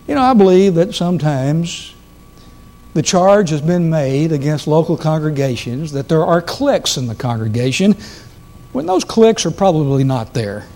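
A man's voice: on the high side, dark tone. A man preaching a sermon to a congregation, reading scripture with strong emphasis. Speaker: guest preacher. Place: church sanctuary.

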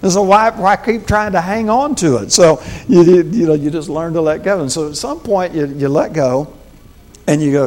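A man's voice: a little high, normal speed, a little mellow. An older man, a pastor, preaching a folksy, conversational sermon with frequent stammered restarts.

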